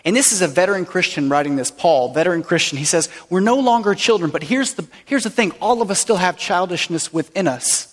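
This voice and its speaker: Standing before the congregation in a church sanctuary, a high-voiced pastor delivers an animated sermon, talking a little fast with hardly any pauses. The long hall rings with reverb as he keeps things playful and conversational, slipping in warm-hearted asides while he teaches.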